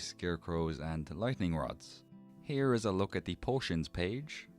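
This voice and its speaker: Young male narrator, very low voice, dry mock-grand humor, soft music under him. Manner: deadpan, mock-formal comic delivery. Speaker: gaming channel narrator. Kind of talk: scripted gameplay narration. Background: faint game background music.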